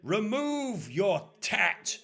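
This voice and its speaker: A man voicing a stern, solemn older male churchman who speaks slowly and formally. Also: high voice, huge pitch swings, vocal fry, a bit bright, voice pushed up, heavily acted. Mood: judging. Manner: slow, grave, formal pronouncements.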